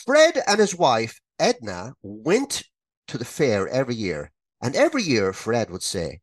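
A man's voice: medium pitch, normal speed, dry recording. A man co-hosting a comedy podcast, telling a joke with lots of laughter. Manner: animated storyteller, laughs often. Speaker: podcast co-host.

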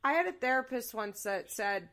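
A woman co-hosting a podcast in relaxed conversation, with a bright, forceful voice pitched a little high. She talks in a candid, animated way and swears freely. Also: normal speed. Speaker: podcast co-host. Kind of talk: casual chat recapping a reality show.

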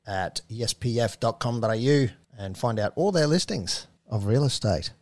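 A man's voice: medium pitch, expressive, moderate pace. Dry, teasing man hosting. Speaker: podcast host. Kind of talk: casual chat.

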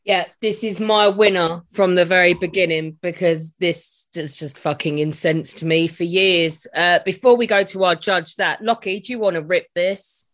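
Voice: mid-range voice, fairly even intonation, normal speed, fairly bright tone. Brief: podcast host, blunt and sweary, teases the panel. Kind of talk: casual podcast chat.

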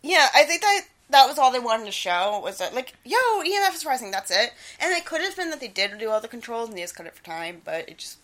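Bright, giggly young woman co-host. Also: on the high side, fast talker, few pauses. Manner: giggly, animated, breaks into loud quoted yelling. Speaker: podcast co-host. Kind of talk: casual podcast chat.

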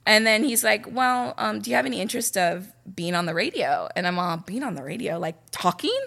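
Woman, young adult, from Los Angeles, bright voice, animated, chatty, storytelling interview guest. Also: mid-range voice, fairly quick, vocal fry. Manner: animated, chatty, heavy use of "like". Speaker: radio personality, guest. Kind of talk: casual storytelling.

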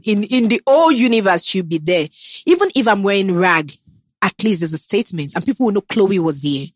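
In a relaxed interview, the guest, a young Nigerian woman, discusses herself with confidence and emphasis, sometimes switching to Pidgin. Her mid-range voice has lively intonation and a quick pace, recorded at studio quality without echo.

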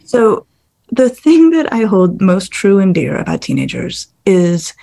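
A woman's voice: medium pitch, unhurried. A middle-aged woman, a clinical psychologist, explaining teenagers thoughtfully in a podcast conversation. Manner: thoughtful, explanatory, animated when acting out teens.

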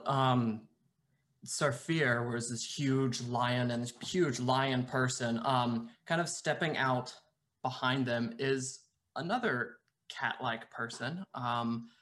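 A man's voice: medium pitch, a bit bright. A man playing a tabletop game, describing his character at length with many fillers.

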